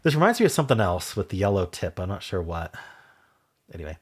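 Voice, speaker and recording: Very animated and quick, a man hosting a Wordle video reasons out loud through his guesses in a deep, slightly husky voice. He sounds out letter combinations and his sentences fade away softly, with keyboard clicks audible behind him.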